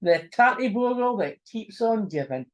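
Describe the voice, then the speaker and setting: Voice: mid-range voice, lively intonation, unhurried, voice pushed up, lightly acted. A storyteller with a North-east Scots accent voicing a jolly, kindly old village minister who speaks heartily. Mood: jovial. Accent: North-east Scots (Doric).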